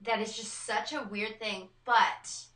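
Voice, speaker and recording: Chatty young woman, bright and echoey. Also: a little high, fairly even intonation, slow, recorded from a distance. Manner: chatty storyteller with lots of likes and ums. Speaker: guest. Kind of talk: casual podcast chat.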